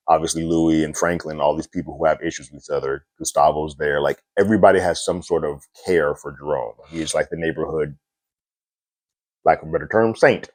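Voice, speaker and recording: A man's voice: a bass voice, darkish tone, no echo. A man giving a casual, conversational TV episode review, with loose fillers and little laughs.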